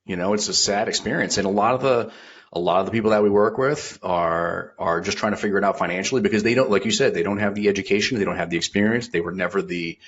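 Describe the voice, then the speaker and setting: A middle-aged male host with a very low, husky voice speaks in a halting, reflective way. The sound is dull and lo-fi. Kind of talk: casual interview talk.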